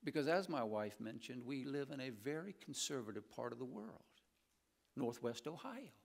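Animated Midwestern pastor preaching. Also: male voice, mid-range voice, normal speed, creaky. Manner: animated preaching with humorous stories. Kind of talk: sermon. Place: church sanctuary.

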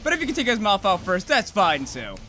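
A young man streaming a game, just woken up, swearing and yelling at the monster with sudden whoops. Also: high-pitched, wildly swooping pitch, fairly quick, faint music behind. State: just woke up, groggy. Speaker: gaming streamer. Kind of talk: live gameplay commentary.

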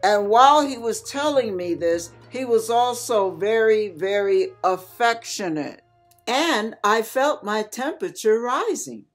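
A woman's voice: fairly high pitch, animated, measured pace, faint music behind. An older woman who hosts a ministry channel, speaking in an earnest, folksy sermon style with some humorous asides. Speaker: ministry channel host and pastor. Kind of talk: sermon-style talk recounting a dream as a warning.

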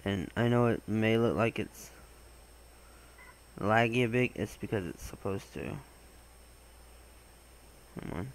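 A young man giving gaming commentary, excitable and swearing, with loud exclamations and a voice that cracks. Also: on the low side, slow, long pauses, poor audio. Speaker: gaming channel host.

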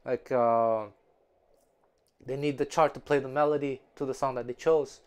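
A man's voice: medium pitch, steady tone, moderate pace, clear, resonant tone. A man giving a spoken music lesson, explaining earnestly in a conversational way with frequent restarts. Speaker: music teacher.

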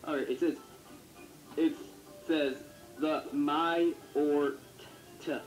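A man's voice: fairly high pitch, fairly even intonation, takes it slowly. A man co-hosting a casual video-chat update, rambling and joking as he corrects himself. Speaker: co-host. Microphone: Wii U chat mic. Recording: echoey room with loud music.

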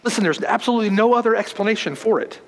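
A male pastor preaching a sermon, moving from loud, forceful emphasis to hushed, quiet passages. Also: rapid-fire. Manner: dramatic preaching, swinging from loud emphasis to hushed low tones. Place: church sanctuary. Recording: long hall reverb.

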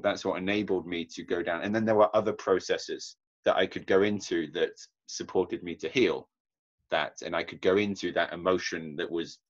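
Deep-voiced young man on a muffled video call. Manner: earnest, reflective, acts out remembered dialogue. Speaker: workshop participant. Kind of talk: personal sharing in an online group.

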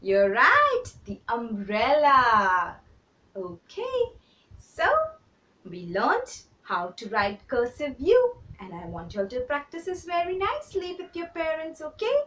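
A woman kindergarten teacher gives a handwriting lesson to small children, slowly repeating steps and praising them. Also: high-pitched, wildly swooping pitch, bright, forceful tone, distant mic. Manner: slow, repetitive, encouraging drills for small children. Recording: roomy echo, voice a little off the mic.

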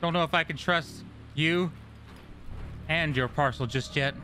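A man's voice: fairly high pitch, a little slow, bright, forceful tone, faint music behind. A man doing a wary, suspicious shut-in. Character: reclusive paranoid shut-in man.

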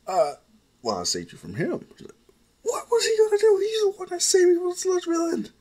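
A man voicing a spirited teenage girl inventor who scolds sharply in a high voice. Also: huge pitch swings, normal speed, darkish tone, exaggerated voice. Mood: indignant.

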